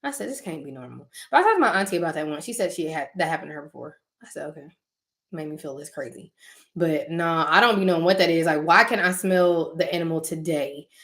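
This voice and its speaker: A woman hosting her channel, chatting casually with viewers about spiritual matters. She tells stories in an animated way and acts out her own reactions. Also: low-pitched, quick pace. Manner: uses casual slang, talks directly to listeners. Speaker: channel host talking to viewers.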